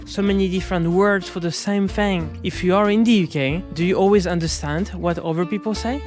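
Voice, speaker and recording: Upbeat man from France hosting street interviews. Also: sits high. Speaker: interviewer and host.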